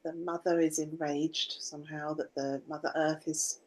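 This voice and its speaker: Low-voiced woman musing aloud. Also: flat delivery, normal speed, low-quality recording. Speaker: client. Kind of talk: casual conversation.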